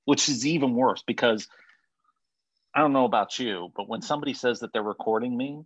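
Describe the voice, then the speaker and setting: A man's voice: mid-range voice, a little fast, no echo, highs cut off. A man hosting a podcast in casual chat, blunt and swearing freely. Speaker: podcast host.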